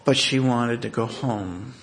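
Gravelly man telling a family story. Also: mid-range voice, background noise. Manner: halting, with many fillers and restarts. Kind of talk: personal storytelling.

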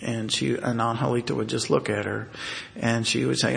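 A man telling a personal family story in a halting way, with many fillers and restarts. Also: mid-range voice, flat delivery, gravelly, a bit bright.

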